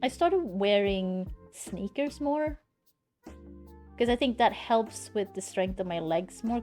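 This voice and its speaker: A woman's voice: medium pitch, a little mellow. A woman streaming live from home, chatting casually in a blunt, ranting way and swearing freely.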